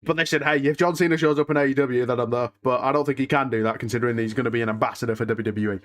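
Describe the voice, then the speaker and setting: A man's voice: medium pitch, steady tone, racing, a bit bright. A young man talks casually to his stream viewers in an ordinary mid-range voice. He is restless and emotional, sighing and muttering oaths between his thoughts. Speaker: streamer hosting a live watch-along. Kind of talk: casual live-stream chat, reading and answering chat.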